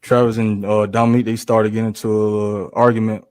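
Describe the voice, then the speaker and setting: A young man testifying in court, hesitant and halting, with many restarts. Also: lowish voice, level tone, a little mellow, smooth, dry recording. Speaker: trial witness.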